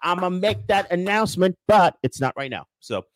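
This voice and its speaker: A man hosting a casual podcast, rambling and repeating himself with lots of fillers, upbeat like a sales pitch. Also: expressive, normal speed. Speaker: podcast host.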